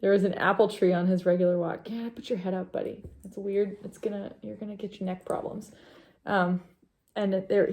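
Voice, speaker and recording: Low gravelly woman chatting casually. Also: dark tone. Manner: rambling, with many fillers and asides to her dog. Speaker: knitting vlog host. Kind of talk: casual chat to camera.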